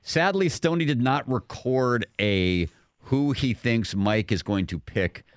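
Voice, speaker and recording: A man's voice: mid-range voice, expressive, slow pace, smooth, no echo, clean studio sound. A man hosting a sports radio show, joking and teasing with his guests. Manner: jokey, teasing. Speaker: radio host.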